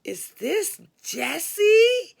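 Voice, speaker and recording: A crude, leering male caller who won't take no for an answer, read by a woman. The lines come slowly, in a gravelly, fairly high voice with little change from the reader's own. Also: expressive. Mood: pushy. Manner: leering, pushy. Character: crude pushy adult male phone caller.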